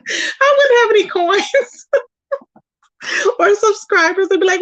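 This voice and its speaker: A woman's voice: very high voice, takes it slowly, pauses often, dry recording, lo-fi sound. A woman hosting a casual live stream, chatting animatedly with her viewers and reading their comments aloud. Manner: chatty and animated, talks to chat, says "child" and "y'all". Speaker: YouTube live host.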